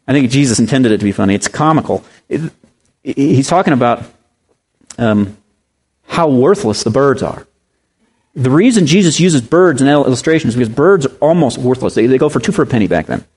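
A man preaching a sermon, emphatic and repetitive, firing rhetorical questions at his listeners. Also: darkish tone. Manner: pitch swings widely for emphasis.

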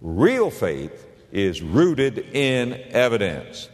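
Brief: male preacher, sermon, animated pitch, emphatic, long reverb of a large church. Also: drawn-out words. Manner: emphatic, repeats key phrases, stretches words for emphasis.

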